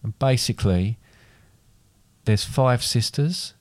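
A man's voice: medium pitch, slow, a little mellow, no echo. A man casually retelling a fairy tale in a chat, rambling and correcting himself as he goes. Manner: rambling, self-correcting storyteller.

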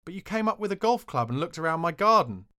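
A man's voice: mid-range voice, fairly quick, natural voice. A man voicing a prickly, grateful ex-footballer while reading a memoir aloud, blunt and matey. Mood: indignant.

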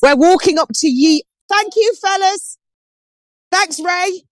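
With a very high voice and a slow pace, a woman from southern England gives a live phone tour of an outdoor market as a call-in show guest. She chats animatedly with plenty of restarts, and there's no room sound.

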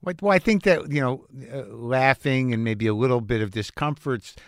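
A man's voice: mid-range voice, moderate pace, no room sound, clean studio sound. A man hosting a podcast, talking frankly and reflectively in a casual interview, swearing now and then. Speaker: podcast host.

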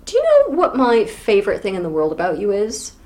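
A female co-host in a casual book chat, quick to tease and to push back, who settles into thoughtful comments on how the scenes are written. She speaks in an ordinary, even register. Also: medium pitch. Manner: teasing and thoughtful. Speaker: podcast co-host.

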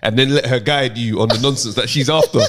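A man's voice: medium pitch, fast talker. A man co-hosting a comedy podcast, teasing and riffing on lines. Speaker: podcast co-host. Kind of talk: casual banter. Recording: noisy podcast audio.

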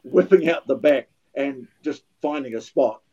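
A man's voice: mid-range voice, animated, measured pace, mellow, lo-fi sound. An older man with a New Zealand accent, a guest commentator telling anecdotes in casual podcast chat, often restarting his sentences. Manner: anecdotal storyteller with many restarts.

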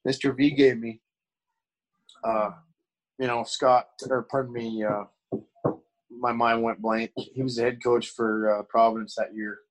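A man's voice: mid-range voice, level tone, a little slow, pauses often, rough recording. A middle-aged man, a former pro hockey player, telling candid stories in a rambling way, full of restarts and fillers. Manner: candid, acts out quoted voices. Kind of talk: casual storytelling.

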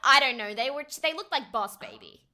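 A woman's voice: sits high, brisk, bright, forceful tone. A young woman, telling anecdotes in casual chat and laughing often. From Australia.

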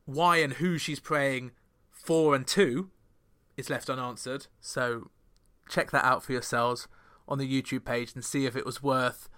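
A man's voice: mid-range voice, steady tone, measured pace, fairly bright tone. A man hosting a podcast chart countdown, chatting through the songs with wry, joking asides. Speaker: podcast host.

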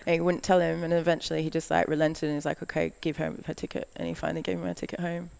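A woman's voice: deep voice, racing, gravelly, clear, resonant tone. A woman, a guest who works as a model, telling a long story in casual chat, acting out what people said and saying "like" a lot. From Australia. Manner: animated storytelling, acts out quoted lines, frequent "like".

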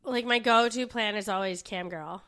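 A woman co-hosting a casual podcast, agreeable and quick to laugh. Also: mid-range voice, pushed and bright. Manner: giggly, agreeable. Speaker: podcast co-host. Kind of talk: casual chat.

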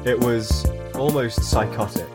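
A Welsh man with a deadpan, sarcastic manner, hosting a comedy quiz podcast in casual chat. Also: medium pitch, measured pace, loud music behind the voice. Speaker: podcast host running a quiz.

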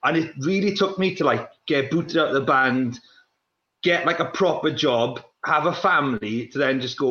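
With a South Wales Valleys accent, this man from the Welsh valleys, once a professional runner, joins a podcast as a guest and tells long, meandering funny stories in easygoing conversation. His voice is high-ish, animated, pushed and bright, moving at a normal speed, in an echoey, dull-sounding room.

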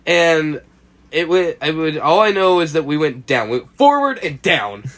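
A man's voice: on the high side, sing-song, moderate pace, a bit bright. A young man casually chatting on a podcast, telling a rambling story, laughing and swearing as he goes. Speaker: podcast co-host.

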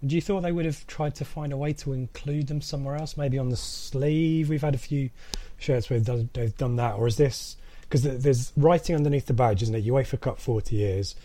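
A man's voice: medium pitch, fairly quick, mellow. A man hosting a casual football podcast, chatty with many fillers and restarts. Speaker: podcast host.

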